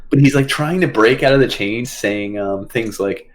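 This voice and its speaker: A young adult man co-hosting a casual podcast, talking in an animated way and slipping into quick put-on voices. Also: mid-range voice. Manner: animated, quotes movie lines in put-on voices. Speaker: podcast co-host. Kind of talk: casual chat.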